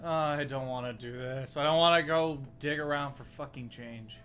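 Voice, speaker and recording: A man's voice: medium pitch, moderate pace, a bit bright, faint music behind. A man streaming a video game, commenting frankly with swearing and restarted sentences. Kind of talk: let's play commentary.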